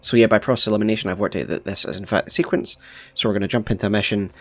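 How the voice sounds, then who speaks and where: A man's voice: lowish voice, steady tone, rapid-fire. A man casually commenting on his gameplay as a gaming YouTuber, chatty and laid-back with playful asides.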